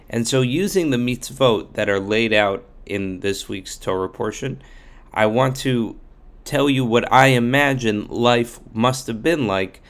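A man narrating a children's story in a friendly, explanatory way as the host. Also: fairly low pitch.

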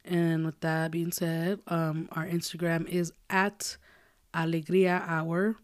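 A woman co-hosting a podcast with her sister, chatting casually with a lowish voice. She is blunt and teasing and swears freely. She sounds a bit tipsy. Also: level tone, takes it slowly. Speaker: podcast co-host. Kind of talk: casual chat.

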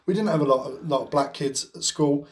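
A man's voice: a little high, a little fast. A man with a blunt, sweary, rambling way of talking, telling a story in a casual podcast chat. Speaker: podcast co-host.

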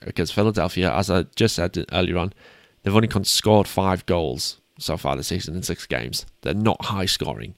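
Deep, gravelly British man. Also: no echo. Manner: upbeat, self-deprecating, quick asides. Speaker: podcast co-host. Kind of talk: casual sports chat.

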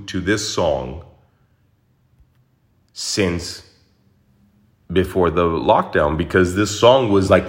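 A podcast host with a deep voice muses aloud slowly in a casual solo monologue. He's reflective and emotional, repeating words as he goes.

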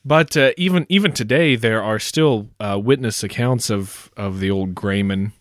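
A man's voice: fairly low pitch, moderate pace, dry recording. A man co-hosting a podcast in casual chat, giving dry, wry replies. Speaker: podcast co-host.

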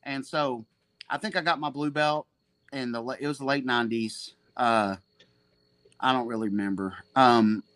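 A man's voice: mid-range voice, steady tone, normal speed, a bit bright, dry recording. Rambling, profane man telling stories. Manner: rambling, profane, frequent restarts and laughter. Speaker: podcast guest, jiu-jitsu black belt and gym owner. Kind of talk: casual storytelling chat.

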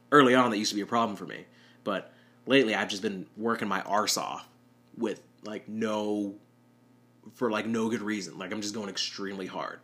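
A man's voice: lowish voice, a bit bright. A young man, a rideshare driver, telling a rambling, self-deprecating story with nervous laughs. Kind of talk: storytelling monologue.

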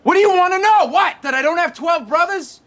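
An angry defensive young man, shouting, high tense voice, film scene. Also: lively intonation, a little fast, slight background noise.

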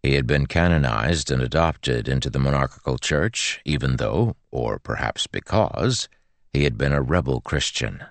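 A man narrating a novel as an audiobook, in a measured, even storytelling manner. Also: very deep voice, no room sound.

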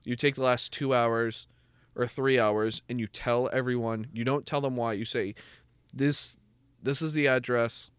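A young man talks at an ordinary middle pitch, rambling loosely and stacking up fillers as he tells a story. The sound is dry and close to the mic, with no room echo. He is chatting casually with his brother on a podcast. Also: steady tone, unhurried, fairly bright tone, clean tone. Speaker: podcast co-host. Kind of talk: casual chat between brothers.

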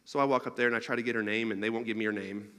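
Animated preacher in a big hall. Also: male voice, fairly low pitch, very fast, clear, resonant tone. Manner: animated, rambling, laughs through his own story. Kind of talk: storytelling sermon to an audience. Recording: long reverb of a large hall.

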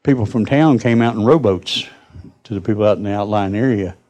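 Low-voiced preacher tellin a story in church, folksy, talks right to y'all. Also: male voice, fairly quick, a little mellow, dull audio. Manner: folksy, addresses the congregation directly. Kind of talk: sermon storytelling.

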